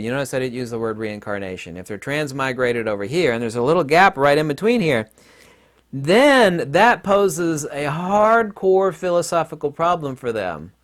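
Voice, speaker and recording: A middle-aged man giving a blunt, combative monologue as an online commentator, with mocking asides. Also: mid-range voice. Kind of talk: opinionated monologue.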